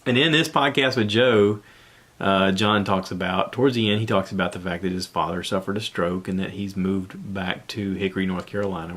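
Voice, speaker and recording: A man's voice: low-pitched, fairly bright tone, husky. A man, hosting a casual solo podcast from home in a rambling, easygoing way with frequent chuckles. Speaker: podcast host.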